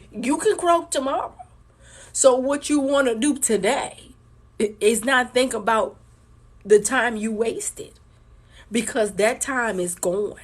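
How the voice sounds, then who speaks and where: Her voice fairly high and slightly rough, a woman reads cards slowly for viewers on a casual live stream. Nursing a sore throat and a suppressed cough, she's blunt, swears plenty and says things again to stress them.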